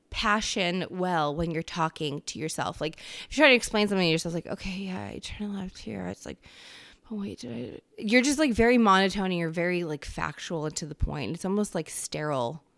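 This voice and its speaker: A woman hosts a solo podcast from her kitchen, rambling in a candid, self-mocking way and swearing freely. Her voice is smooth and clear, sitting in a middle register. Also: mid-range voice, a bit bright. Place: home kitchen.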